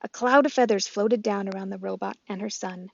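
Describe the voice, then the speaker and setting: A woman's voice: mid-range voice, fairly quick, vocal fry, darkish tone, lo-fi sound. Woman reading a storybook aloud. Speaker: storybook reader. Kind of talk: read-aloud storybook narration.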